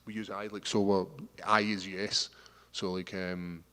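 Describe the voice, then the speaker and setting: Scottish fighter in an echoey hall. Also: male voice, deep voice, little pitch movement, unhurried, fairly bright tone, clear, resonant tone. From Scotland. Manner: rambling, frequent restarts, easygoing. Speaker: fighter at media day. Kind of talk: casual interview answers. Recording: long hall reverb.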